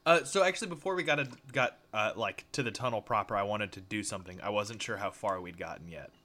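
A man's voice: on the low side, fast talker, pushed and bright. A man playing a tabletop game in a casual, hesitant way, full of fillers. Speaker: player.

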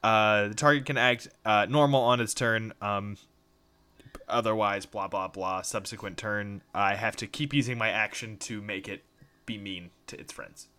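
A man's voice: on the low side, steady tone, moderate pace, pushed and bright, clear, resonant tone. A man playing a tabletop game in a casual, hesitant way, full of fillers. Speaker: player.

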